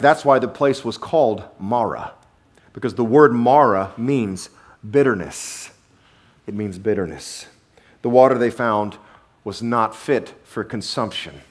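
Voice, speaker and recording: A male pastor preaching a sermon to his congregation in a church, animated, with sudden drops to a low murmur. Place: church sanctuary.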